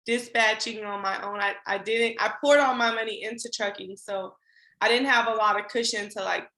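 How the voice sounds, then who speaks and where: Woman guest on a podcast, bright voice, lively storytelling, kinda echoey room. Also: fairly high pitch, moderate pace. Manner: animated storytelling, acts out her own past lines. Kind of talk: casual interview chat.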